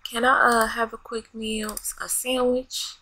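Young woman gamer, bright and gravelly, unhurried, playful commentary with lots of laughter. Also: fairly high pitch, flat delivery, a little hiss or hum, poor audio. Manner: loud, laughing, playful, talks back to the game characters in slang. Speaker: gaming YouTuber. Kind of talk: casual let's-play commentary.

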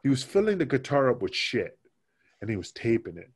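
A man's voice: medium pitch, sing-song, a little fast, slightly rough. A man who is a former wrestler and a podcast guest. He tells stories in a casual interview, swears freely and acts out what other people said.

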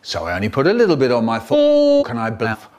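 A man telling comic anecdotes from childhood in an animated way, acting out the voices of people in his stories. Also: a little fast, heavy background noise. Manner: animated, leaps in pitch, acts out voices.

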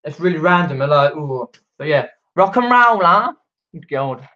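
Speaking British English at normal speed, a man from Britain live-streams casually from downstairs at home, reading viewer comments and rambling with many fillers and restarts. His voice is a little high, expressive, bright, and forceful. The camera mic makes the audio dull.

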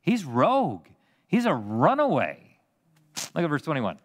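A male pastor preaches in a lively, conversational way, trading jokes and questions with his listeners. His pitch climbs and dips freely as he talks. A long reverb hangs over his voice in the church. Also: measured pace, long pauses. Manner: animated, conversational, joking with the congregation. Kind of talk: expository sermon. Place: church sanctuary.

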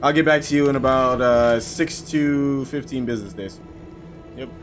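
A man's voice: mid-range voice, steady tone, normal speed, faint music behind. A young man casually commenting on gameplay, joking and sarcastic toward the characters. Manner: jokey, sarcastic, mocks the game characters. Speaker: gaming channel host.

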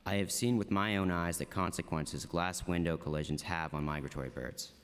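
A teenage boy earnestly reads prepared testimony in a very low, smooth voice. The chamber adds a long reverb behind him. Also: fairly quick. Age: teens. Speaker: student testifying. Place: council chamber.

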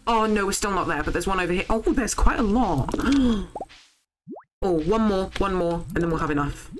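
A young woman streaming a farming game, chatting casually to viewers, excitable and swearing freely. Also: medium pitch, moderate pace, noisy background. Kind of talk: casual live game commentary.

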